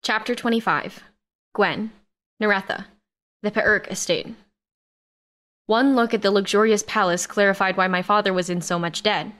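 In this audiobook, a woman narrates a first-person sci-fi romance at a moderate pace, pausing often. Her mid-pitched voice stays steady and expressive, keeping the storytelling flowing evenly.

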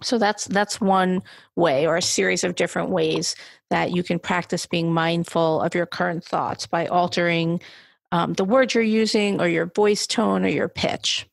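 A woman's voice: lowish voice, fairly even intonation, moderate pace, gravelly, no room sound, studio quality. A woman co-hosting a podcast on therapy skills, chatting casually, laughing easily and joking about herself. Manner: warm, laughing easily, self-deprecating. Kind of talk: casual instructional chat.

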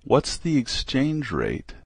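A man reading common English phrases one by one for learners, slowly and with careful enunciation. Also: mid-range voice, wildly swooping pitch, husky, dry recording.

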